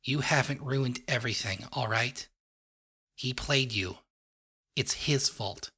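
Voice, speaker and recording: A man voicing a tough, foul-mouthed female pony scavenger with a blunt, gruff way of talking. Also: mid-range voice, slow, bright, forceful tone, exaggerated voice. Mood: reassuring.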